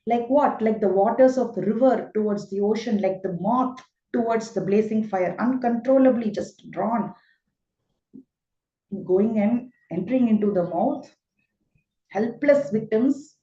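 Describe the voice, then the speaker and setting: A woman's voice: a little high, a little slow, dark tone. A woman spiritual teacher giving a scripture lesson as vivid storytelling with rhetorical questions. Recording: roomy, dull recording.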